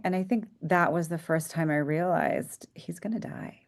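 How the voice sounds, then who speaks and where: A woman psychotherapist talking reflectively in a podcast interview, sometimes dropping to a hushed voice. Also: fairly low pitch, steady tone, fairly quick. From United States. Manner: reflective, soft-spoken, drifts into hushed tones. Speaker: psychotherapist guest.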